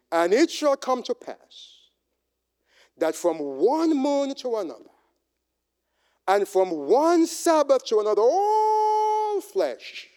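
A man with a high voice preaches, his pitch rising and falling widely from line to line. He drops to near-whispers, then builds to shouted proclamations as he calls listeners forward. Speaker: pastor. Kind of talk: sermon with altar call. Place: church sanctuary.

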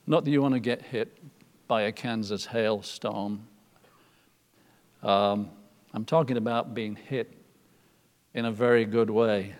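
A man preaching a sermon, moving from loud emphatic lines to soft, almost whispered ones. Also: fairly low pitch, steady tone, measured pace, long pauses, long reverb tail.

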